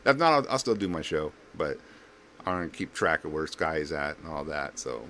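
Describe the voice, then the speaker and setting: A man chatting casually as a guest on a live stream, easygoing and quick to laugh. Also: extremely low pitch, bright, forceful tone, a little hiss or hum. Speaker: co-host guest.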